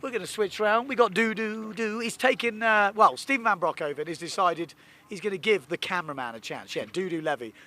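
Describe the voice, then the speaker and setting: Excitable high-voiced commentator. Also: male voice, fairly quick. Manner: jokey, excitable, chatty. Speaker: sports commentator. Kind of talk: live commentary. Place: on a boat on a lake, outdoors.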